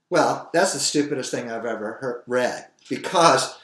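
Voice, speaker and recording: A man's voice: medium pitch, normal speed, hardly any pauses, a bit bright. An older man hosting his own show, talking in a rambling, earnest, opinionated monologue. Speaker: show host. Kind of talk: opinionated solo commentary. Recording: echoey room.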